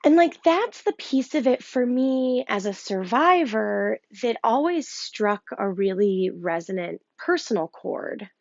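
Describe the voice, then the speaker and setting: A woman with a Rochester, New York accent, gently guiding a breathing lesson as a yoga teacher. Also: a little high, animated, gravelly, no echo, lo-fi sound. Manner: slow, gentle, soothing guidance with fillers.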